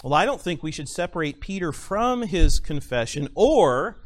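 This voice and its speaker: A male pastor preaching a sermon, stressing single words with long pauses and repeating phrases for emphasis. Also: fairly high pitch, big pitch swings.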